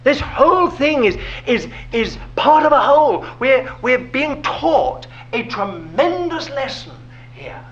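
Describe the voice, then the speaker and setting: A man's voice: very high-pitched, very animated, slow, a bit bright, lo-fi sound. A man preaching a sermon, asking rhetorical questions and dropping to a whisper for emphasis.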